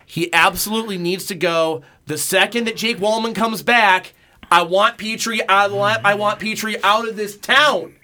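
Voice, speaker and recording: A man hosts a sports talk show from a radio studio and gives blunt, exasperated takes on the team. His voice sits high and sounds bright and forceful. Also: steady tone, normal speed. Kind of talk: casual sports radio banter.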